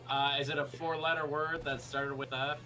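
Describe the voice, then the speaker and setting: A man's voice: a little high, little pitch movement, normal speed. A man chatting casually on a livestream, easygoing and joking, sometimes trailing off mid-sentence.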